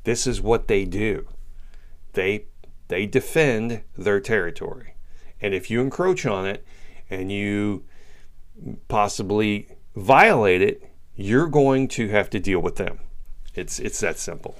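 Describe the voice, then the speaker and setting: A man's voice: fairly low pitch, slow pace, pauses often. A man, middle-aged, giving an opinionated commentary monologue and repeating his points for stress. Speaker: political commentator.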